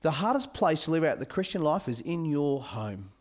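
Casting: male camp speaker, bright voice, swooping delivery, joking sermon to youths. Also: fairly high pitch, moderate pace. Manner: animated, joking with a youth audience.

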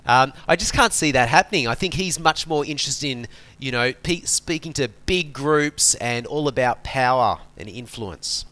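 A male preacher giving a conversational sermon. He talks in a relaxed, chatty way, like someone explaining things to friends. He often stops to ask his listeners rhetorical questions. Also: mid-range voice, normal speed, hardly any pauses.

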